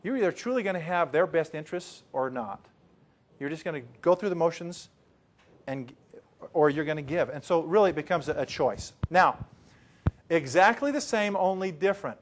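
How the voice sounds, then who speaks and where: A male trainer with a fairly high voice speaks to a room of learners. He tells stories animatedly, dropping to a hush and then rising loud. He works a live training session. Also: moderate pace. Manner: animated, swings from hushed to loud. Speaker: presentation trainer. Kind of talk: lively storytelling to a training group.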